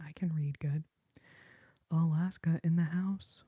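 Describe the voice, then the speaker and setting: Soft whispering woman, dry close mic. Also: fairly low pitch, normal speed, breathy edge, no room sound. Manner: soft whispering, chatting with viewers and giggling; sings snippets of lullabies in a hushed voice. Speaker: ASMR livestream host. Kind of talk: whispered role-play.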